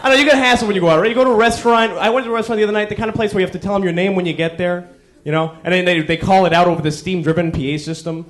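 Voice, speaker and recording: A man doing a stand-up comedy routine, acting out quick character bits to a live crowd. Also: high voice. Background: audience laughter.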